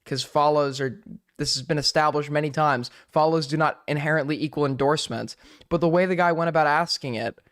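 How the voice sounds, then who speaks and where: A man's voice: a little high, fairly even intonation, brisk, fairly bright tone. Argumentative man reacting on stream. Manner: argumentative, many "like" fillers. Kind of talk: live reaction commentary.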